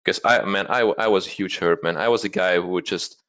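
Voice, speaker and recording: A deep-voiced man tells his trading story in a candid interview. He is self-deprecating and rambles, often restarting his sentences. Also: fairly quick, fairly bright tone. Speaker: interview guest, trader.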